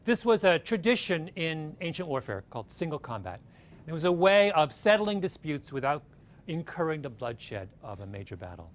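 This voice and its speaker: A man's voice: on the high side, normal speed. A man giving a storytelling talk, telling the story with animation and often checking in with his listeners. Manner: animated, keeps checking in with "right?". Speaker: speaker retelling a story.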